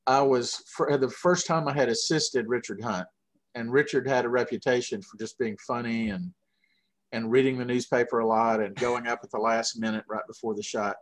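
A man's voice: medium pitch, moderate pace. Southern man telling rambling stories. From Georgia, US. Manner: rambling, animated anecdotes with frequent fillers. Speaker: guest puppeteer. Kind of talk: casual interview storytelling.

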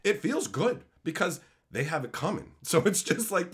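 A man's voice: sits high, big pitch swings, moderate pace, few pauses, a bit bright. A man streaming live, reading chat and ranting bluntly with lots of swearing. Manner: profane, blunt, heated ranting. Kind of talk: casual livestream rant, reading chat.

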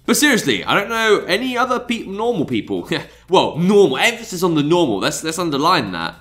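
Man, let's play host, very animated high voice, game music faint behind. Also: fairly quick. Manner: swings between reading lines aloud and joking asides, laughs often. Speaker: let's play host reading a visual novel aloud. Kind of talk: casual let's play commentary with read-aloud voices.

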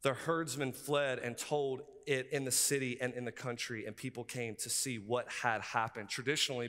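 A male pastor, preaching a sermon in an energetic, conversational way with frequent asides. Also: mid-range voice. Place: seminary chapel. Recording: reverberant hall.

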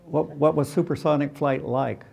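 An older man, a retired fighter pilot, telling anecdotes in an onstage interview, halting with many fillers and chuckling between stories. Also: on the high side, fairly even intonation, creaky, warm tone.

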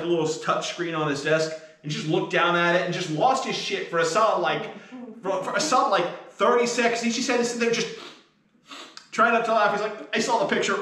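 Rambling crude podcast host, echoey. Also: male voice, a little high, fairly bright tone. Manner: rambling, crude, lots of fillers. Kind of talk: casual podcast chat. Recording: echoey room.

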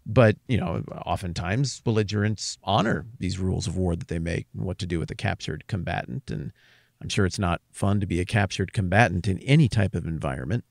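A man from Wyoming, co-hosting a podcast, talking in an earnest, measured way with a wry edge. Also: sits low, creaky, a little mellow, dry recording, studio quality. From Wyoming, USA. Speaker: podcast co-host. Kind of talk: casual conversation.

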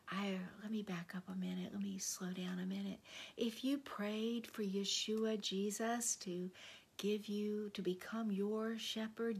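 This woman is a spiritual director guiding a devotional teaching that includes spoken prayer. She speaks earnestly and without rush, often dropping to a hush, in a medium-pitched, slightly rough voice.

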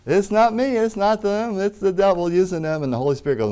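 A man preaching a lively sermon, acting out quoted voices and laughing along the way. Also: sits high, unhurried.

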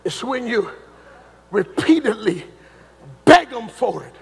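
A man preaching a fiery sermon in a church, chanting and shouting at the peaks and dropping low in between. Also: big pitch swings, takes it slowly, vocal fry, breathy edge, long reverb tail. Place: church sanctuary.

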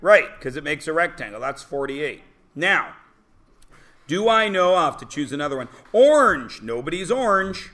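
A man's voice: fairly high pitch, big pitch swings, normal speed, sharp tone. A man teaching a class, blunt and provocative, talking over his students. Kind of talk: classroom lecture.

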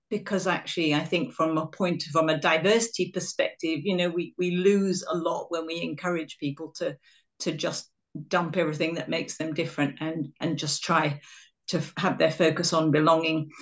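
A woman's voice: low voice, moderate pace, a bit bright. Chatty English-born woman giving a talk. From England. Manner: chatty, self-deprecating storytelling. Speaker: guest speaker. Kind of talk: webinar talk with slides.

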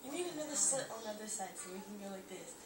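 A woman's voice: mid-range voice, expressive, racing, distant mic. A young woman in casual, playful home-video banter, giggly and teasing. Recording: echoey room with background noise.

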